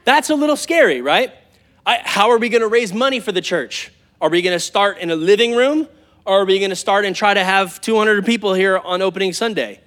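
A man in his thirties, a pastor preaching to a live congregation in a church, conversational and animated, calling out to the crowd. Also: high voice, fairly quick. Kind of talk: sermon.

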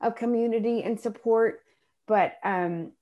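A middle-aged woman telling a personal story in a casual chat, animated and acting out the voices of people she quotes. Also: fairly high pitch, measured pace, dull audio. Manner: animated, acts out voices in her stories. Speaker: guest.

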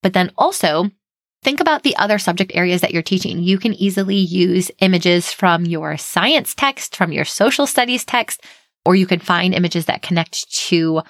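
A woman's voice: fairly low pitch, normal speed, dry recording, studio quality. A young adult woman hosting a teaching podcast in an upbeat, encouraging way, often dropping "like" and "you know" between her thoughts. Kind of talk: solo podcast monologue.

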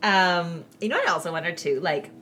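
A woman's voice: fairly low pitch, a little fast, soft background music. A woman co-hosting a casual podcast, telling stories and acting out what people said, laughing often. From Canada. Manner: animated storyteller, acts out quotes, laughs often. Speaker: podcast co-host. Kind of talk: casual chat, storytelling.

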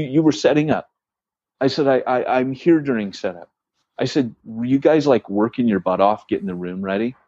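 On a dry, dull-sounding recording, a church planter co-hosting a podcast speaks in a mid-range voice. He narrates a story casually and animatedly, with many restarts and acted-out dialogue.

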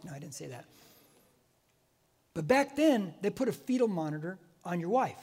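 A man in his sixties preaching a sermon as pastor, telling stories in an animated way and acting out the voices of the people in them. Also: high-pitched, fairly quick, long pauses, slightly rough. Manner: animated storytelling, acts out voices. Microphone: wearing a mic.

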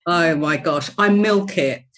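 A woman's voice: on the low side, slow, fairly bright tone, a little hiss or hum. A woman from England with a London accent, a guest in a casual interview, upbeat and laughing. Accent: London English.

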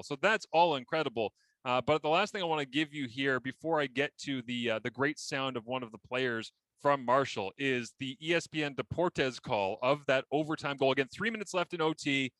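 A man hosts a sports talk show in a bright, forward voice. He tells stories with an easy laugh, recorded dry and close on a studio mic. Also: mid-range voice, dry recording, rough recording. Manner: chatty, quick to laugh and tell stories. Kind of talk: casual sports chat.

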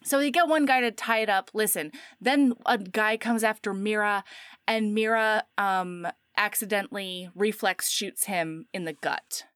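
Animated woman recapping a story. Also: medium pitch, unhurried, no echo, clean studio sound. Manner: animated storytelling with frequent "like", acting out quotes. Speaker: podcast co-host. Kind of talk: casual chat, book recap.

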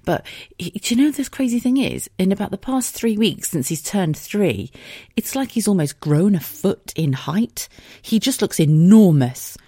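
A woman's voice: medium pitch, very animated, moderate pace, dark tone, husky, dry recording, clean studio sound. A woman, chatting on her solo podcast from her bedroom, swearing and laughing often, emotional. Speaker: podcast host. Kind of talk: casual solo podcast chat. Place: bedroom at home.

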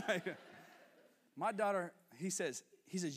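A man in his twenties preaching a sermon as a youth pastor, telling stories with quick asides and laughs. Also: sits high, expressive, fairly bright tone, slightly rough, long reverb tail. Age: 20s.

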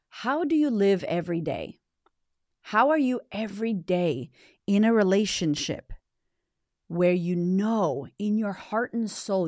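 A woman coaches her listeners in a podcast monologue, speaking straight to them with blunt emphasis and plenty of swearing. Her voice sits low for a woman. The recording is dry and close, with no room sound. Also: dry recording. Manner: emphatic, swears freely, direct address to listener. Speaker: podcast host and women's coach.

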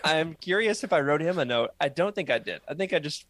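A man's voice: a little high, fairly quick. A man co-hosting a podcast, chatting casually and joking. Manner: animated, jokey. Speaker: podcast co-host. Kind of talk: casual chat.

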